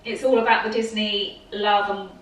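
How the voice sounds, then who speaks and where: A middle-aged woman, co-hosting a family vlog at home, relaxed and laughing easily. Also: medium pitch, normal speed, distant mic. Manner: relaxed, laughs often, soft-spoken. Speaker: vlog co-host. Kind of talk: casual vlog chat. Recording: echoey room, off-mic, faint noise.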